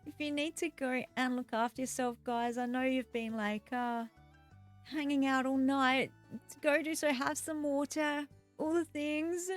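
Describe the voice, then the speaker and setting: A woman game streamer chatting casually and excitedly with her live viewers while she plays, giggling often. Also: high voice, a little slow, faint music behind.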